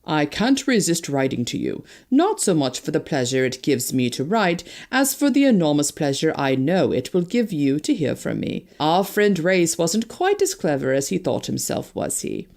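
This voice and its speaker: A suave older gentleman criminal in an audiobook, smug and ironic, his voice pitched low with a gravelly edge, as a woman narrator puts him on. He draws out his words with amused self-regard. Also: sing-song, moderate pace, few pauses, heavily acted. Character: suave, mocking older male criminal letter-writer.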